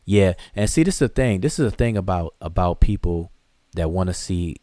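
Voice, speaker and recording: With a low-pitched, mellow voice and lively intonation, a hieroglyphics teacher speaks at a moderate pace, and there's no room sound. He's running a live online class, taking viewer questions in a relaxed, conversational way marked by frequent restarts and fillers.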